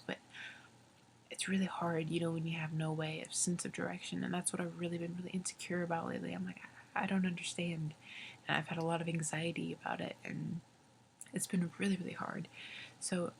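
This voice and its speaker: An 18-year-old woman talking casually and earnestly about her faith, halting and rambling with many fillers, often dropping into soft half-whispers. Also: fairly low pitch, flat delivery, gravelly, slight background noise. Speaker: faith vlogger. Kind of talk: casual confessional faith talk.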